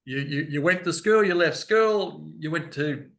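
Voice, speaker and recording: A man's voice: on the high side, a little slow, vocal fry, a bit bright. A man hosting a casual interview, chatty and agreeable, prompting with questions. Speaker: host.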